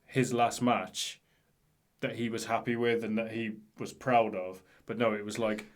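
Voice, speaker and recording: A man's voice: fairly low pitch, flat delivery, a little slow. Male co-host, easygoing, hesitant storyteller. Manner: rambling, hesitant, lots of fillers. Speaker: podcast co-host. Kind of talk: casual chat.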